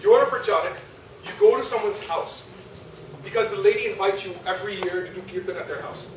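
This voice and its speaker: A man's voice: high voice, fairly quick. A young man giving a religious talk to a youth audience, conversational and full of rhetorical questions. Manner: conversational, asks the audience, frequent rhetorical "right?". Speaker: lecturer. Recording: echoey hall from far off, noisy.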